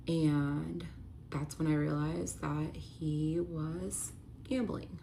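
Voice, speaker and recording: A woman's voice: sits low, fairly even intonation, very slow, creaky, mellow, a little hiss or hum. A young woman telling a personal story to her viewers. She speaks candidly, with lots of likes and ums, and her voice rises and strains when she relives the fight.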